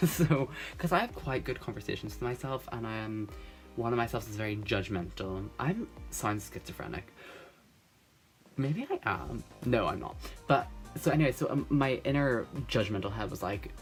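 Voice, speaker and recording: A man's voice: lowish voice, moderate pace, faint music behind. A teenage boy telling a rambling storytime, laughing often and saying "like" a lot. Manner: giggly, rambling, lots of "like". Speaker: vlogger. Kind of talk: casual storytime chat.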